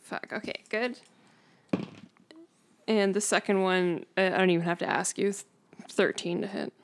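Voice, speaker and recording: A woman's voice: mid-range voice, fairly even intonation, normal speed, slight background noise. A woman playing a tabletop fantasy game, casual, swearing and laughing with the group. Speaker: player.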